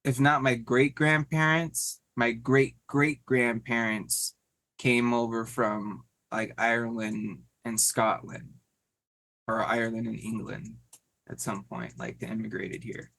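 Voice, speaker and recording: A man co-hosts a podcast in loose, casual chat, circling his thoughts with plenty of "like" fillers. His voice sits at an ordinary middle pitch for a man. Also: flat delivery, takes it slowly, vocal fry, a bit bright. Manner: rambling, heavy on "like" fillers. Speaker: podcast co-host.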